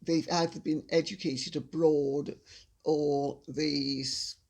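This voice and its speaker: An older woman with a Jamaican accent, answering viewer questions in a measured, assured casual chat. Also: low voice, fairly even intonation, gravelly, a little mellow.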